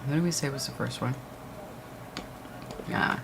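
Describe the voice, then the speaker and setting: Here the co-host of a livestream watch party speaks a little slowly in a creaky, medium-pitched voice against a noisy background. He keeps things casual, chatting and answering what viewers write in the comments.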